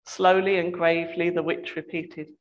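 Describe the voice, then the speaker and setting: A woman reading a novel aloud in a measured, expressive storytelling voice. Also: lowish voice, muffled recording. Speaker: reader.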